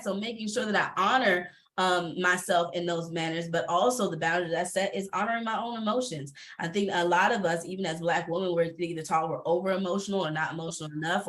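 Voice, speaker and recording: A woman panelist and entrepreneur speaking candidly in a panel discussion, expressive and quick to laugh. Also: on the low side. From based in Atlanta. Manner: expressive, laughs often, animated asides.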